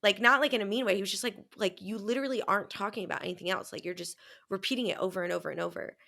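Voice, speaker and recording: Young woman podcast co-host, gravelly voice, candid storyteller, swears casually. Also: mid-range voice, very fast, pushed and bright. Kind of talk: casual chat.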